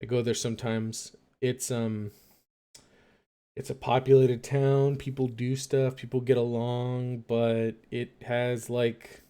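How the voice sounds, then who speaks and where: Young male host, mellow tone, loose rambling monologue, lots of "like" and "um". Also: mid-range voice, level tone, slow pace, clean tone. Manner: rambling, hesitant, filler-heavy, musing aloud. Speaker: late-night radio-style stream host.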